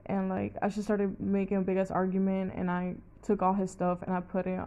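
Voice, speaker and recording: Gravelly young woman telling a story. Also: medium pitch, completely flat delivery, a little fast, dark tone, lo-fi sound. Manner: rambling, fillers of "like", heavy swearing. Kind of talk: casual personal storytelling.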